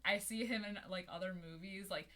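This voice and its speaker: A woman's voice: mid-range voice, brisk, fairly bright tone. A woman in her thirties co-hosting a podcast, chatting casually about movies with lots of "like". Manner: chatty, lots of "like", laughs easily. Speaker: podcast co-host.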